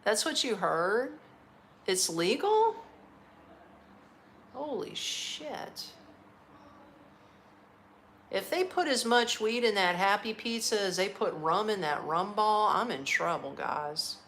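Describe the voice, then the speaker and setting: A woman's voice: medium pitch, animated, unhurried, a bit bright, a little hiss or hum. A middle-aged American woman on a live stream, chatting casually with viewers, blunt and laughing, swearing freely. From United States. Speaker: vlogger answering live chat.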